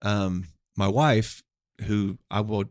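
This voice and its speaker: A middle-aged man from Oklahoma with an Oklahoma accent, hosting a podcast in a relaxed, meandering chat with easy chuckles. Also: lowish voice, slow, no room sound, studio quality. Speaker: podcast host. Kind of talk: casual chat.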